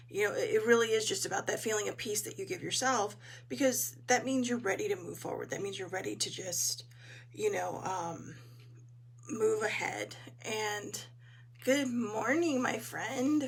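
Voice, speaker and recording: A woman hosting a casual live talk, her voice hoarse as she chats in an encouraging way and greets viewers. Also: medium pitch, a bit bright, slight background noise. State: hoarse, clearing her throat. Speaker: host.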